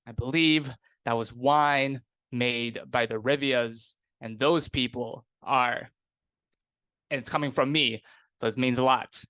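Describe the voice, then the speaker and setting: A man's voice: mid-range voice, fairly bright tone, dry recording, lightly acted. A man voicing a cocky young noble monster hunter who talks in a breezy, boastful way.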